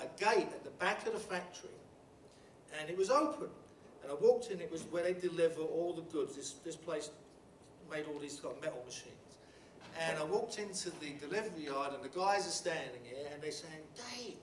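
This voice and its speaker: A man's voice: a little high, fairly bright tone. Man telling stories in a hall. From England. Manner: halting, many restarts and fillers, blunt and swearing. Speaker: panel speaker. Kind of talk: storytelling at a panel talk. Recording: roomy hall from a distant mic with background noise.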